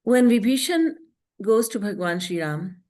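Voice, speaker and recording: A woman spiritual teacher speaks in an earnest, storytelling way through a devotional lecture, recorded over a video call. She slows down to recite scripture verses, and her voice sits at a middling pitch. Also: big pitch swings, dark tone.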